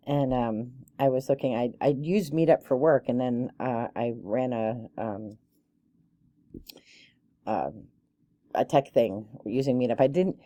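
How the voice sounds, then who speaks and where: A woman's voice: rumbling low, no echo. A woman in her forties, a hiking group leader, telling a personal story in a casual, chatty way, full of fillers and restarts. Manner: animated and indignant when retelling confrontations.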